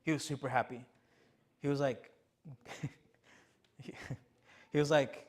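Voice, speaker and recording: A man's voice: mid-range voice, level tone, slow pace, pauses often. A young man preaching a sermon as pastor of his church, emphatic and full of rhetorical questions. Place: church sanctuary.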